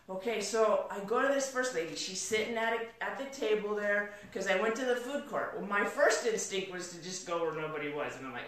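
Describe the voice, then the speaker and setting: A middle-aged woman giving a live motivational talk to an audience, an energetic storyteller who acts out quoted dialogue. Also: mid-range voice, normal speed, hardly any pauses. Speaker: motivational speaker. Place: large room in front of an audience. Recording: echoey room from far off.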